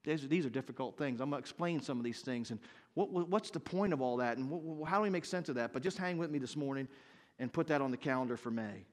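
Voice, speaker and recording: A man in his fifties preaching a sermon as pastor, earnest and building to loud, emphatic bursts. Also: mid-range voice, fast. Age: 50s.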